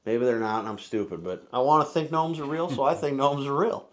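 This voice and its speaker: A man's voice: mid-range voice, fairly quick, crowd noise. A man co-hosting a casual chat while sampling drinks, talking in a rambling, playful way. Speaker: co-host.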